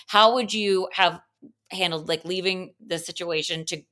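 A woman's voice: fairly low pitch, fairly even intonation, a little slow, fairly bright tone. A woman co-hosting a podcast, talking in a thoughtful, analytical way about relationships. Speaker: podcast co-host. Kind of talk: casual chat.

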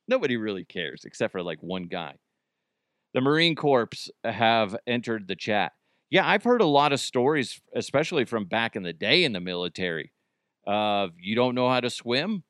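A man hosting a casual podcast, tossing out profane jokes and laughing as he talks. His pitch swoops up and down freely, and the recording is close and dry. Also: big pitch swings, normal speed, fairly bright tone, no room sound. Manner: joking, profane, laughs often. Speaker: podcast host.

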